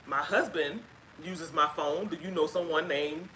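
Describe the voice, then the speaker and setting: Give me a chatty woman recounting a story, bright tone with faint background noise. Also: low-pitched, poor audio. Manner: chatty, halting with fillers, acts out quoted speech. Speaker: guest sharing her story. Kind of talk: casual storytelling on a live stream.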